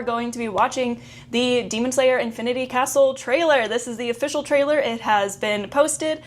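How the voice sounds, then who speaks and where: A young woman hosting an excited anime reaction vlog, gushing and talking fast. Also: fairly high pitch. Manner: bubbly, gushing, gasps and squeals of excitement.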